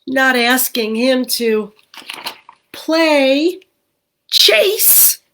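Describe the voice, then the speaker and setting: A woman voicing a small, timid but eager little ghost boy in a storybook read-aloud, with squeaky, excited exclamations. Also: very slow, slight background noise, full character voice. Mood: flustered.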